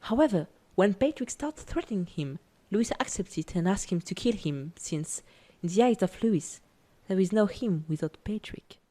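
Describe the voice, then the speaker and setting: A woman narrating a scripted video essay in an even, careful reading voice. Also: medium pitch, moderate pace.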